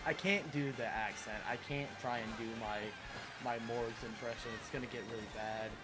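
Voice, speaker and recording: A man live-streaming a game, chatting casually with viewers in a rambling, animated way and laughing often. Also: mid-range voice, normal speed. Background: game music.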